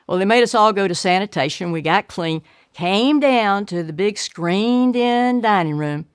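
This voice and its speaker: An older woman telling a childhood story, acting out the shouts and voices of her family. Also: medium pitch, expressive, moderate pace, smooth, no room sound, studio quality.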